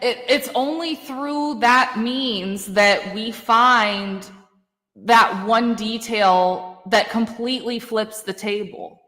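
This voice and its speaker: A woman's voice: a little high, takes it slowly, bright, forceful tone, big-room sound, soft background music. A woman hosting a casual true-crime chat, effusive and blunt, swearing casually. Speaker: podcast host.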